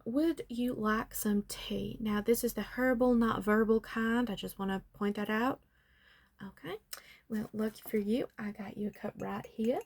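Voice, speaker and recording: Woman, whispered role-play, salon artist with a put-on Southern accent, fairly high voice, soothing and chatty. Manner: chatty and soothing, calls listener honey and darling; drifts between whisper and soft voice. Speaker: ASMR artist as makeup and magic salon worker.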